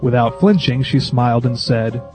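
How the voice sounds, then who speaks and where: A man's voice: medium pitch, normal speed, a little mellow, soft background music. A man hosting a comedy radio spot, reading jokes in a wry, storytelling way.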